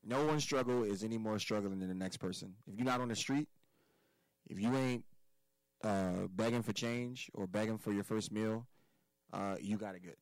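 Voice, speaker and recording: A man's voice: lowish voice, moderate pace, no echo, rough recording. A man from Philadelphia, a podcast guest giving life advice in casual conversation, emphatic and profane, hammering points home by repeating words.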